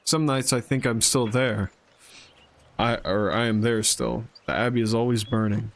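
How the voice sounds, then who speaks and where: A man's voice: mid-range voice, steady tone, moderate pace, vocal fry, lightly acted. A man reading a grieving old villager. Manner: reads game dialogue aloud in a plain voice. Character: grieving old male villager, stubborn and gentle.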